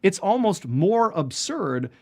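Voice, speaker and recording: A man telling stories in casual chat as a podcast host, animated, with lots of filler words. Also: high voice, takes it slowly, creaky.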